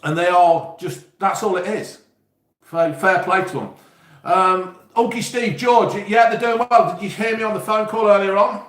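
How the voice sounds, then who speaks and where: A man's voice: sits high, moderate pace, fairly bright tone, roomy sound. A man with an East Midlands English accent, rambling and swearing casually as he chats to viewers on his live stream. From England. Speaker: YouTube host.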